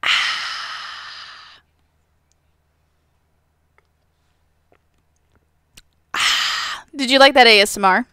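A woman's voice: on the high side, rapid-fire, pushed and bright, smooth, no room sound, studio quality. A young woman streaming a retro game live, chatting with her chat in a playful, teasing way with mock outrage and frequent laughter. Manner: giggly, laughs often. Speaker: gaming streamer.

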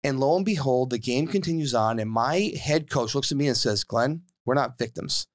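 A man in his forties co-hosts a podcast and also works as an assistant coach for youth basketball. He tells a story in casual chat at a slightly fast clip, repeating words and restarting, and grows more animated as he goes, his pitch climbing when he gets worked up.

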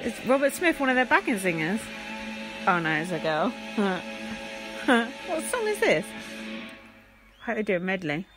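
A woman's voice: mid-range voice, very animated, moderate pace, pauses often, over music, poor audio. A young woman hosting a solo podcast, giving blunt, sweary running commentary and laughing at her own jokes. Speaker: podcast host.

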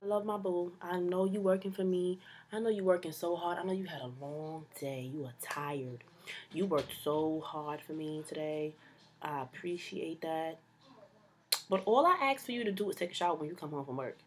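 A woman's voice: lowish voice, moderate pace, slight background noise. A young woman ranting to camera about her pet peeves in a sassy, exasperated, slangy way. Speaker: vlogger. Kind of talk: casual comedic rant to camera.

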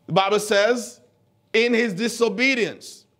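High-voiced man preaching a teaching sermon. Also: a little slow, fairly bright tone. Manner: conversational, stammers and repeats words, quizzes the congregation. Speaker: pastor.

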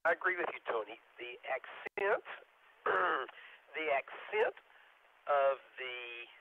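A man's voice: mid-range voice, animated, slow, vocal fry. A rambling man on an amateur radio net strings together anecdotes and often lets his voice fade at the end of phrases. His mid-range voice comes through a narrow, phone-like radio channel with a faint hiss under it. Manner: rambling, anecdotal, trails off softly. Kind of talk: casual on-air discussion.

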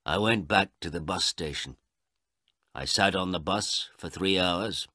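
A man narrating a learner's storybook in a slow, clear, deliberate way. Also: low-pitched, pushed and bright, dry recording, studio quality.

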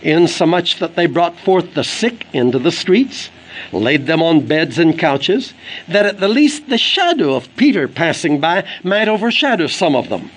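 A man's voice: a little high, very animated, a little slow, husky, poor audio. A man delivering an earnest, emphatic sermon for an audio book, quoting scripture as he preaches. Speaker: evangelist preacher.

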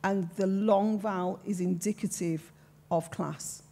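An older woman with a strong Brummie accent talks on a discussion panel, frank, emphatic and sure of herself. Her voice has a gravelly, husky edge. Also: medium pitch, fairly even intonation, unhurried, warm tone. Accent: Birmingham. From Birmingham, England. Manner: frank, emphatic, self-assured.

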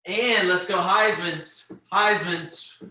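A high-voiced man runs a live online workout class, calling out participants by name and growing breathless as he exercises with them. His tone is steady and sharp, and he speaks slowly. The room is very echoey and he is far from the mic.

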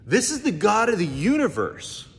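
A man's voice: high voice, normal speed, husky. A male pastor from the United States preaching a sermon, telling stories and acting out the dialogue. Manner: animated storytelling, acts out dialogue. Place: church hall. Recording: echoey hall, faint ambience.

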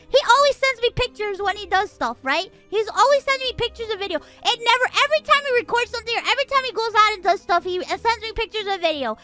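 Very high, bright-voiced woman ranting. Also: fairly quick, faint music behind. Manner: animated, exasperated ranting with frequent swearing. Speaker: streamer. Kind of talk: casual stream chat.

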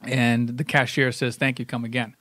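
Male podcast co-host, mid pitch, dry close sound, casual and reflective. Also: flat delivery, moderate pace, a bit bright, no room sound. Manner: thoughtful, many restarts, explains at length. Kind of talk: casual chat.

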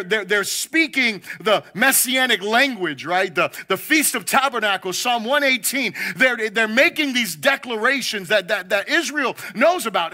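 Man, pastor, sermon, high voice, very bright tone, emphatic, repeats words. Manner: emphatic, repeats words when building a point; voices quoted figures louder and higher.

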